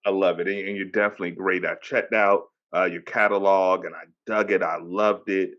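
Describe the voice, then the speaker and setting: A man in his thirties hosts a casual podcast and talks with a low, grounded voice. He has a Hampton Roads Virginia accent and keeps things upbeat and chatty, hyping up his guest. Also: level tone, fairly quick, fairly bright tone, highs cut off. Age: 30s. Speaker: podcast host.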